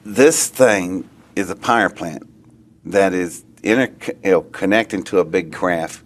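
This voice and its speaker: Rambling, excitable man telling a story. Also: deep voice, a little slow. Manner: rambling, excitable, trails off and restarts. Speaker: interviewee recounting an experience. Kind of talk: interview storytelling.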